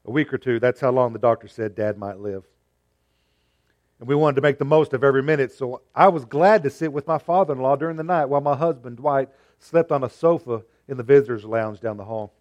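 A man preaching a sermon with an emphatic delivery and a mid-range pitch. He presses his points with strings of rhetorical questions, and he drops to a hush before building back up. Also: brisk. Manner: swings between loud and quiet.

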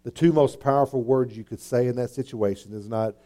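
A man's voice: mid-range voice, fairly quick, dark tone. A man preaching a sermon, emphatic and repetitive, asking his listeners rhetorical questions. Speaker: pastor.

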